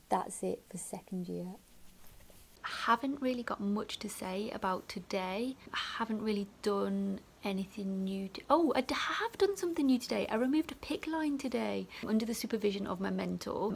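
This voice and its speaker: A woman's voice: mid-range voice, vocal fry, slight background noise. A young woman with an English accent, a student nurse vlogging with emotion, teary and at times dropping to a whisper. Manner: tearful, gushing, drops to whispers. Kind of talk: emotional personal vlog.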